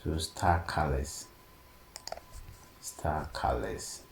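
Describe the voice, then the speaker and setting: A slow, deep, creaky-voiced man narrates a screen-recorded software tutorial on design, explaining steadily step by step and checking in often with "okay?" The room is echoey, with faint background noise.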